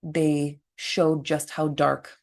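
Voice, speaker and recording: A middle-aged woman, a birth attendant, telling stories in a blunt, animated interview style and swearing freely. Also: deep voice, extremely slow, gravelly. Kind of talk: candid storytelling interview.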